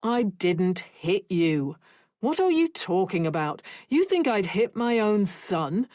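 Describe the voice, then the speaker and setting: A woman's voice: medium pitch, very animated, slow pace, darkish tone, no room sound, clean studio sound. A woman voicing a brusque father who brushes off blame and turns defensive. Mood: dismissive. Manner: brusque, dismissive. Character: gruff British father, dismissive and defensive.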